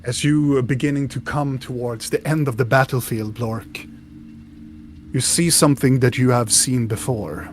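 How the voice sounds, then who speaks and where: A man's voice: mid-range voice, steady tone, normal speed, faint music behind. A man narrating a tabletop game as game master, describing scenes with frequent restarts.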